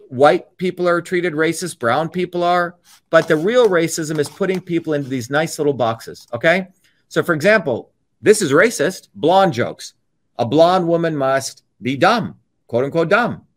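Combative man with a raised pitch. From India. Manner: combative, repetitive, emphatic. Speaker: speaker giving a political talk. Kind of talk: impassioned monologue.

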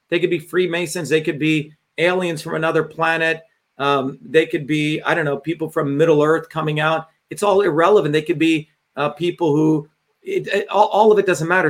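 A man with a somewhat high voice rants on a livestream. He talks as a political candidate and host, and his delivery is fiery, forceful and full of swearing. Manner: fiery, profane ranting delivery.

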